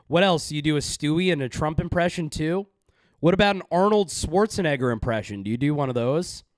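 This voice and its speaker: A man's voice: on the high side, animated, a little fast, dry recording, studio quality. A man hosting a live stream, talking casually with heavy sarcasm and crude swearing. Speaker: stream host.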